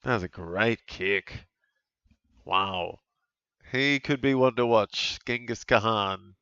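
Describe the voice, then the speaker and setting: A man's voice: on the low side, slow, clean tone, no echo, muffled recording. Laid-back man calling footy. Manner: relaxed, chatty, bursts of excitement at big plays. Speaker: fantasy football streamer calling a live watch-along. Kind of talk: casual live game commentary.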